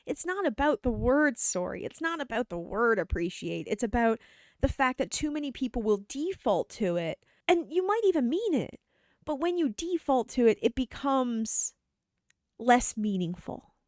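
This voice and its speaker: A woman's voice: a little high, dry recording, clean studio sound. A woman from Canada talking casually and animatedly, acting out the greetings she quotes. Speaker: host. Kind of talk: casual opinion talk.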